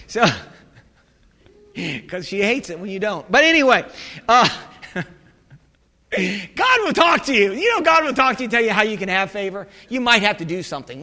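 A male pastor preaching a sermon in an animated, humorous way, calling out to his congregation. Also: high voice, moderate pace, long pauses. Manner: animated, humorous preaching with audience call-and-response. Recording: echoey hall.

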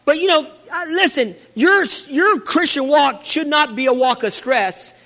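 Very high-pitched, pushed and bright, a male pastor preaches at a measured pace, his repeated phrases and calls for amens rolling through a church hall. The recording carries the long reverb of a big hall.

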